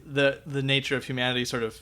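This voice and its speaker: A man on a film podcast talking earnestly and sentimentally about a film's romance, a bit halting with restarts. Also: medium pitch, little pitch movement, sharp tone. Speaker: podcast guest. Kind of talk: casual movie podcast chat.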